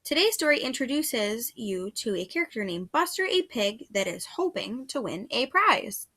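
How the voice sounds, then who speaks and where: A woman's voice: on the high side, sing-song, normal speed, a bit bright. A woman teaching first grade phonics, patiently sounding out letters and words one at a time. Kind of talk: slow phonics dictation lesson.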